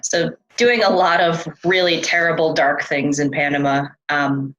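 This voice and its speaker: A woman with a notably low, deep-set voice, talking casually as an interview guest. She tells her stories loosely and chattily, with plenty of ums and restarts. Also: a little slow, lo-fi sound. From California. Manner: chatty, relaxed, loose with fillers. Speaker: interview guest, experiencer researcher. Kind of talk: casual conversational storytelling.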